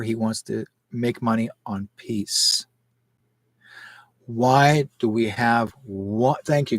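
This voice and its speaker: A Canadian man hosting a live call-in psychic show, talking in an emphatic, rambling way with sudden rises in pitch. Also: darkish tone, no echo. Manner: emphatic, rambling, rising sharply on points.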